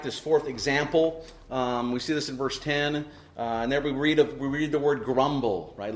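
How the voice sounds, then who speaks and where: A middle-aged man preaching a sermon to his congregation, emphatic and full of rhetorical questions tagged with "right?". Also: medium pitch. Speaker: pastor. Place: church sanctuary. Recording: echoey church room.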